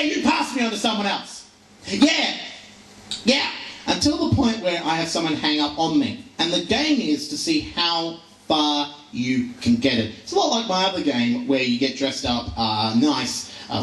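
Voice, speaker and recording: A young man doing a live stand-up set, rambling and self-deprecating with lots of fillers and restarts. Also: medium pitch. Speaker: stand-up comedian. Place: live comedy venue. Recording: roomy live venue recording from far off.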